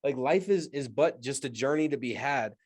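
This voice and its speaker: A man's voice: mid-range voice, lively intonation, normal speed. A man co-hosting a podcast who gives a reflective, encouraging closing segment and often stops and restarts his sentences. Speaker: podcast co-host. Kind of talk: casual podcast segment wrap-up.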